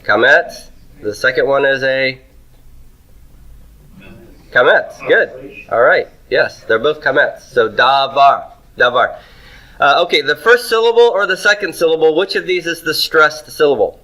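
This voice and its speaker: A man's voice: a little high, expressive, measured pace, pauses often, pushed and bright, poor audio. A man teaching Hebrew grammar in a classroom lecture, asking questions and answering them himself.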